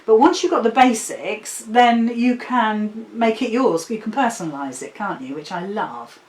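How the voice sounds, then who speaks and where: A woman's voice: fairly high pitch, moderate pace, a little mellow. A woman hosting a casual sewing live stream, chatting, laughing often and reading out viewer comments. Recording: echoey room.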